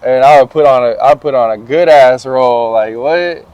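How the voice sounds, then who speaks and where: A young man talks outdoors near a street, relaxed and full of slang as he tells his stories. His voice sits at an ordinary middle pitch. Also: moderate pace, no room sound. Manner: slangy, laid-back storytelling. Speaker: interview guest. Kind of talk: casual storytelling interview.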